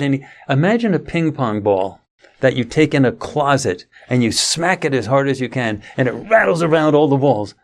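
A man's voice: medium pitch, expressive, moderate pace. A middle-aged man giving an interview, telling a long story in a rambling way with frequent restarts. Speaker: interview guest. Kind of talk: conversational storytelling.

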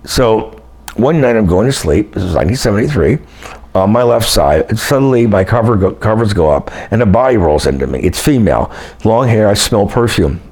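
An older man with a voice on the low side appears as an interview guest, telling personal stories in a casual, animated way. He acts out the voices of the people he quotes.

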